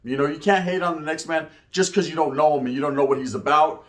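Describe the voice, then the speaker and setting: A man's voice: fairly high pitch, steady tone, quick pace. A man, giving rambling, profane commentary in street slang with Spanish words mixed in. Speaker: commentary vlogger.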